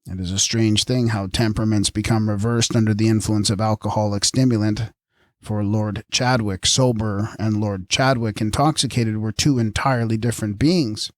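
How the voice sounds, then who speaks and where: A man narrating a story aloud in a measured storytelling reading. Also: on the low side, fairly even intonation, no room sound. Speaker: audiobook narrator. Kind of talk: scripted narration.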